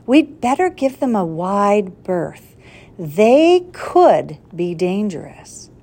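A woman reading aloud and voicing an excited elderly male professor on an expedition, with an eager, knowing storybook manner. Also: medium pitch, slow pace, full character voice.

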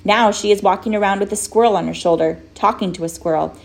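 A woman voicing a cold, controlled mother who speaks in a cool, deliberate, quietly menacing way. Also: medium pitch, vocal fry, close to an everyday voice.

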